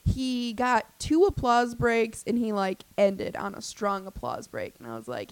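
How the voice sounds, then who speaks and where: A young woman in her twenties, a comedian hosting a podcast, telling a story in a rapid, scattered, excitable ramble. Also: fairly high pitch, gravelly. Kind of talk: casual storytelling monologue.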